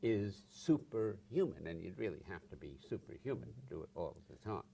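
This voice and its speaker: Older man, low and animated, blunt and emphatic interview guest. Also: brisk, gravelly, a little hiss or hum. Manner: blunt, emphatic, acts out angry outbursts with swearing. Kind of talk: interview answers.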